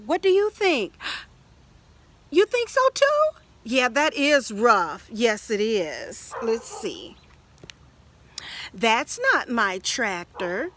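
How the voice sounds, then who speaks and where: A woman, an early childhood educator, reading a picture book aloud to toddlers in a slow, sing-song way and asking the child questions. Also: fairly high pitch, sharp tone, dry recording.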